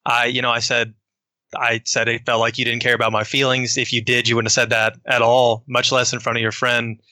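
Hesitant male caller, bright dry voice. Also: mid-range voice, monotone, no room sound. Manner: hesitant, halting. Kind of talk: phone-in conversation.

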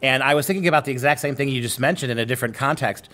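A man who teaches literature at a university speaks in a conversational lecture style. He is an animated storyteller and acts out the quotes he tells. His voice sits at a mid pitch. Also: rapid-fire.

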